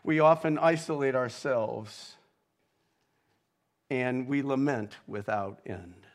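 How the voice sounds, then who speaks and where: A male pastor delivers a sermon at an unhurried, deliberate pace. His voice sits in an ordinary middle pitch, and he lingers over words and reads quotations with feeling. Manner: slow, measured preaching with dramatic readings of quotes.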